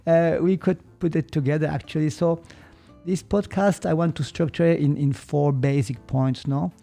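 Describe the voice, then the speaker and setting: Swiss German-accented male guest, slightly high voice, unhurried and explanatory. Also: gravelly, faint music behind. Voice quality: searches for words, mixes in German. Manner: calm, explanatory, hesitant. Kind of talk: reflective podcast conversation.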